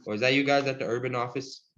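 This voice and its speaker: A man teaching a Cree language class over a video call, friendly and encouraging, chuckling often and slowing down to model each word. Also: medium pitch, fairly bright tone. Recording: dull lo-fi video call audio.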